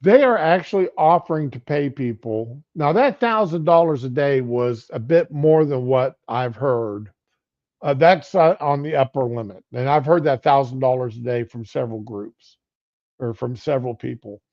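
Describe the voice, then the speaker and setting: Over lo-fi stream audio, a middle-aged man rambles conversationally through casual political commentary on a livestream, speaking in a mid-range voice at a moderate pace.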